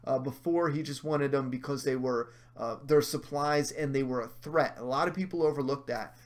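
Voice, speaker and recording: A man's voice: mid-range voice, normal speed. A man hosting a casual livestream, ranting with heavy swearing and mocking asides while he answers viewer chat. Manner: profane, heated rants with mocking asides.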